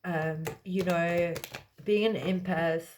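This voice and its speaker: Mellow-voiced woman giving a spiritual reading. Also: lowish voice, steady tone, slow pace, a little hiss or hum. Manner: meandering, lots of fillers. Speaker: tarot reader.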